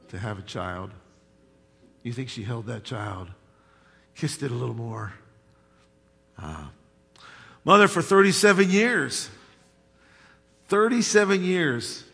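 Man, pastor, sermon, bright forceful voice, folksy storytelling, emphatic preaching, long church reverb. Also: mid-range voice. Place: church sanctuary.

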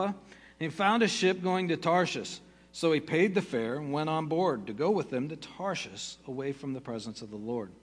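A man, a pastor, reads a Bible passage aloud to his congregation at a steady pace, with brief casual asides and quick self-corrections. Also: fairly high pitch, in a large hall. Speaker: pastor teaching a Bible study. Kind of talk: reading scripture aloud to a congregation.

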